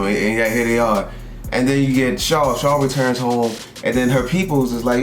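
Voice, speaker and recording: A young man from South Carolina, reacting to an anime in casual, excitable and profane commentary from a room at home. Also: medium pitch, brisk, soft background music. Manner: excitable, profane, animated outbursts. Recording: roomy echo, faint background hiss.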